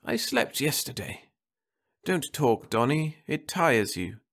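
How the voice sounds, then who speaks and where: Man putting on a tired wife's voice, raised higher, soft, strained, pleading. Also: very animated, slow pace, heavily acted. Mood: pleading softly. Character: weary, pleading middle-aged wife at a sickbed.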